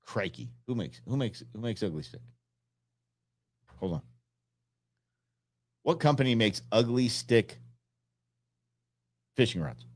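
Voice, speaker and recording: A man hosts his own show as a casual solo podcast, talking enthusiastically and rambling through stories while restarting his sentences. His medium-pitched voice is expressive and slow, with long pauses and no echo.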